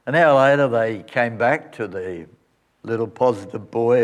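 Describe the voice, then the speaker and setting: Male pastor, mid pitch, slow and steady, storytelling sermon then soft prayer.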